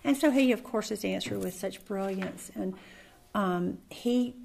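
A woman's voice: mid-range voice, unhurried, creaky, slight background noise. Chatty woman teaching Bible study. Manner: chatty, animated storyteller with fillers and restarts.

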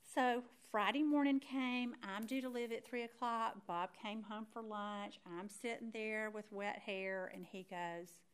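A middle-aged woman teaching a Bible study through a personal story, animated and acting out her own thoughts as she tells it. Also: medium pitch, measured pace, few pauses, clean tone.

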